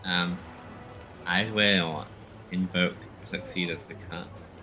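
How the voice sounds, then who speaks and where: A man playing in a tabletop game, chatting casually in a low-key, hesitant way. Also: steady tone, slow, over music. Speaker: player.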